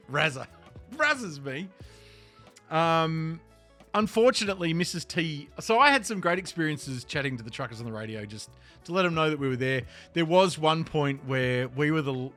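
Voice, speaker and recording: A man's voice: medium pitch, pushed and bright. A man with an Australian accent, livestreaming and chatting casually, laughing often and rambling between topics. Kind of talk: casual chat. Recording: faint music underneath.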